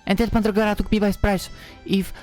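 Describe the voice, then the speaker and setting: A woman's voice: mid-range voice, level tone, darkish tone, soft background music, voice pushed up, close to an everyday voice. Woman playing a huffy, proud cat woman. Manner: quick, huffy, insistent. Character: proud cat woman witch, touchy and defensive. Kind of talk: visual novel reading.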